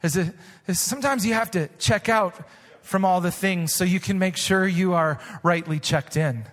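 High-voiced man preaching in a hall. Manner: impassioned preaching, swells to shouts then drops soft; drawn-out emphatic reading of scripture. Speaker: pastor. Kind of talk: sermon. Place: church sanctuary. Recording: long reverb of a large hall.

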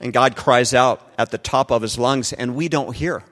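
A middle-aged man delivers a sermon in an earnest, emphatic way, pressing his points with rhetorical questions. His voice sits at an ordinary male pitch. It rings out in a big church hall with a long, lingering reverb. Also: normal speed, fairly bright tone. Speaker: preacher.

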